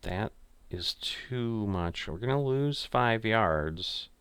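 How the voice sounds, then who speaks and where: A man's voice: on the low side, lively intonation, slow, a bit bright, smooth, no room sound. An older man muttering casual, self-critical commentary as he plays a golf game. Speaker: gamer playing a golf simulator.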